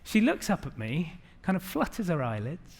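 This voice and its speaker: A middle-aged man giving an animated keynote talk to a live audience, acting out the quotes in his stories. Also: a little high, moderate pace, gravelly, a little hiss or hum. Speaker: conference speaker.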